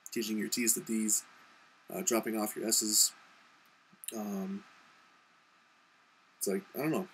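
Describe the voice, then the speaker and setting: A man's voice: lowish voice, slight background noise, rough recording. A young man from Montana talking casually to his camera in a reply vlog, rambling with lots of ums and you-knows. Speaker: video blogger.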